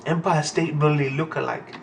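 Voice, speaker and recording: A young man reading a manga aloud and reacting in a casual, profane, excitable way. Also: fairly high pitch, normal speed, gravelly, far from the mic, a little hiss or hum.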